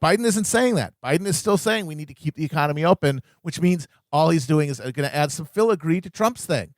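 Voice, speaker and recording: A man's voice: on the high side, expressive, fast talker, no echo, studio quality. A man co-hosting a podcast, talking politics in a wry, profane way that builds to emphatic peaks. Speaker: podcast co-host. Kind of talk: casual political chat.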